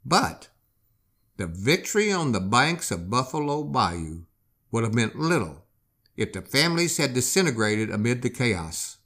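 A man hosting a history show, telling the story in a dramatic, expressive way. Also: medium pitch, measured pace. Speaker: history podcast host. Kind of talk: storytelling narration.

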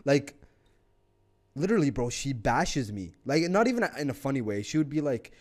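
A young man co-hosting a podcast, telling a story in casual chat, animated, swearing a lot and laughing often. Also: mid-range voice, normal speed. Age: young adult. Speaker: podcast co-host.

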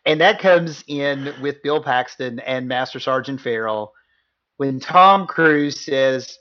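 A mid-pitched man talks movies in an easy, chatty way. He laughs a lot and sometimes searches for a word, and the lo-fi recording takes the shine off his voice. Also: takes it slowly, pushed and bright. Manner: chatty, laughs often, loses words. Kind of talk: casual movie review chat. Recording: dull lo-fi recording.

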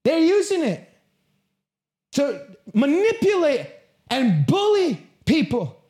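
A man preaching a sermon with passion and emphasis, sometimes rising to a shout. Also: very high-pitched, huge pitch swings, takes it slowly.

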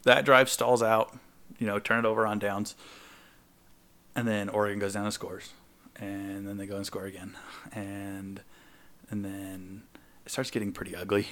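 A man's voice: lowish voice, normal speed, long pauses. A young man co-hosting a podcast, telling a long story casually and acting out the people he quotes with lifts in his voice. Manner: animated, acts out quoted people in raised voices. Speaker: podcast co-host.

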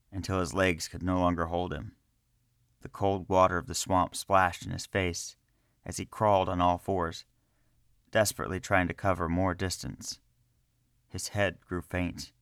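Male audiobook narrator, very deep, measured and slow, dry close recording. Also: a bit bright, dry recording. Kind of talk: scripted narration of a fantasy story.

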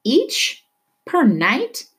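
A woman's voice: high voice, wildly swooping pitch, drawn-out words, fairly bright tone, voice pushed up, exaggerated voice. A woman voicing a weary, cautious refugee father who speaks firmly and politely, in a storybook read-aloud. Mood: shocked. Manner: weary, firm.

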